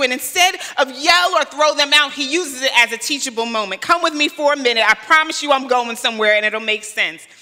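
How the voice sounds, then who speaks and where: Woman pastor preaching, high bright voice, big church echo, chatty with lots of questions. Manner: conversational preaching with rhetorical questions and humor. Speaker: guest pastor. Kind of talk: sermon. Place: church sanctuary.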